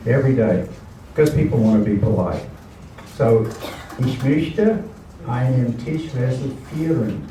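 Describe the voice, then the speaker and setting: In a very echoey room, a distant camera mic records a man leading a language class. He's chatty, repeats words, and explains them with asides. His mid-range voice is mellow, and there's a little hiss or hum.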